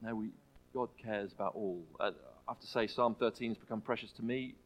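A man preaching a sermon in a church, earnest and halting, often restarting his phrases. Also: lowish voice, fairly even intonation, rough recording. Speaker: pastor.

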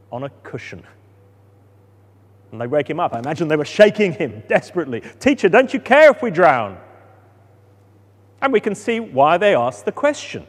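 Male preacher, lively expressive delivery, high-ish voice, reverberant hall sound. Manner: expressive, rising for drama and dropping soft for calm. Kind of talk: sermon.

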